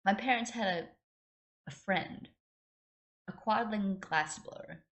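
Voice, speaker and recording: A woman's voice: mid-range voice, slow pace, pitched above the performer's own voice. A woman reading the lines of an intense, proud young woman in an earnest, clipped voice.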